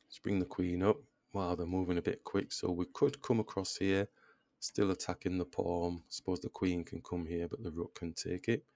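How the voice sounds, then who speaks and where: A deep, gravelly man talks through a chess game as he plays, muttering each move to himself. His self-deprecating asides come through a close, dry microphone with no room sound. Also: flat delivery, normal speed, a little mellow, dry recording. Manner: thinks aloud, muttering move by move; self-deprecating, groans at his own blunders. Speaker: chess video creator. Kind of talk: casual live chess commentary.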